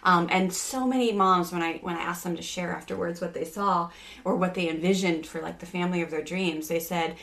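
A woman's voice: fairly low pitch, brisk, gravelly, fairly bright tone. A woman in her thirties, a parenting speaker, talking earnestly in a casual podcast conversation, rambling with many fillers and restarts.

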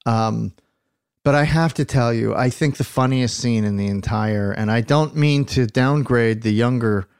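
A man co-hosting a podcast in casual chat, talking in an animated, emphatic way with frequent restarts. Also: mid-range voice, unhurried, smooth, no echo, clean studio sound. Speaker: podcast co-host discussing the episode.

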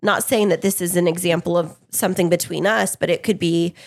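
Female podcast co-host with vocal fry, dry close sound, relaxed conversational questions. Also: fairly low pitch, a little fast, no echo. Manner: conversational, reflective, gives personal examples. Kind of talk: casual interview chat.

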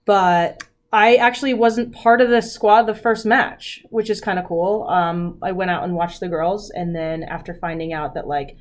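Woman, thirties, podcast guest, chatty, filler-heavy, laughs easily, slightly low pitch. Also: steady tone, moderate pace. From Colorado, US. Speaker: podcast guest, former rugby player. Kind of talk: casual conversational interview.

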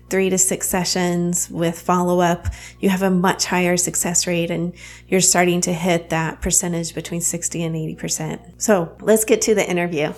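A woman with a Southern US accent hosting a podcast, talking in a chatty way and laughing easily. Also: fairly low pitch. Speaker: podcast host. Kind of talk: casual podcast interview.

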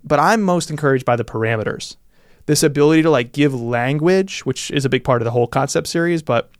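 A man hosting a podcast, talking in a casual, animated way with quick asides. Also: mid-range voice, no room sound, studio quality. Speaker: podcast host.

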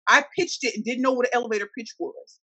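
A woman from St. Louis, Missouri, tells her story as an interview guest, bright and forceful in tone, her pitch set a little high. She brings the people in her story to life by acting out their voices. The sound is dry and close. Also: fast, slightly rough, no room sound, low-quality recording. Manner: animated, acts out quoted voices. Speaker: guest entrepreneur.

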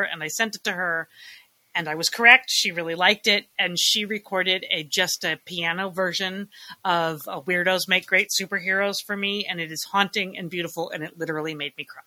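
Woman cohost gushing about tv, bright voice, laughs a lot. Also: on the low side, fairly even intonation, brisk. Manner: chatty, enthusiastic, laughs often. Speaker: podcast co-host. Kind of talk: casual chat.

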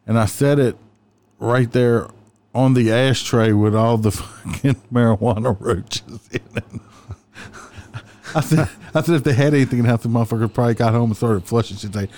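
A man's voice: mid-range voice, darkish tone. A man who works in law enforcement, telling a story in casual chat with swearing and laughter. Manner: profane, laughing, quick.

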